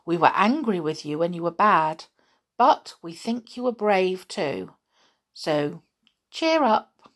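A woman's voice: lowish voice, big pitch swings, slow, a bit bright, voice pushed down, exaggerated voice. A woman doing a forgiving toy clown. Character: male toy clown, stern but forgiving.

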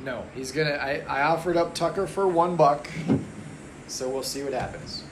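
A man's voice: a little high, normal speed, slight background noise, poor audio. A man co-hosting a casual podcast, mostly chiming in with short, playful quips and reactions while his partner talks. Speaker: podcast co-host. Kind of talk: casual chat during a fantasy football draft.

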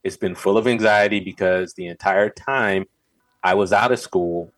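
Low-voiced man chatting casually. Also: fairly bright tone, dry recording. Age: adult, veteran back in school. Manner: halting, repeats words when starting a thought. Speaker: podcast co-host. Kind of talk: casual podcast chat.

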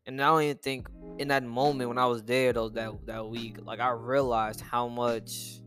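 Young guy rambling through a sad story, lots of slang and cussing, keeps restarting, soft guitar in the back. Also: medium pitch, level tone. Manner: rambling, halting restarts, heavy slang and swearing; subdued and somber, often trailing off quietly. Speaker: vlogger telling a personal story. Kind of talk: casual storytelling monologue.

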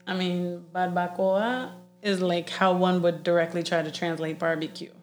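A woman from Puerto Rico, with a Puerto Rican accent, tells stories in a casual chat, animated, profane, and laughing a lot. Her voice is on the low side at a moderate pace, with faint music behind her.

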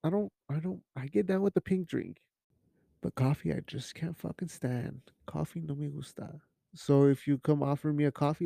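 A man's voice: medium pitch, normal speed, creaky, dark tone, dry recording, studio quality. A young man hosting a casual podcast, talking in a loose, rambling way with lots of swearing and bits of Spanish. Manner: loose, profane, rambling, drops Spanish phrases. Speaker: podcast host.

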